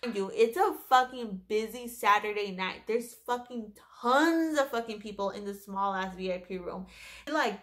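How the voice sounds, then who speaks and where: A young woman vlogger telling a story in a casual, animated way, swearing often and full of fillers. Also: fairly high pitch, moderate pace.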